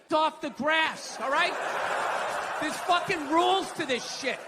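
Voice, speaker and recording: A man's voice: extremely high pitch, unhurried. A man doing a stand-up comedy set, ranting and sarcastic with a lot of profanity, in front of a live audience. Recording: live show with loud crowd laughter and room noise.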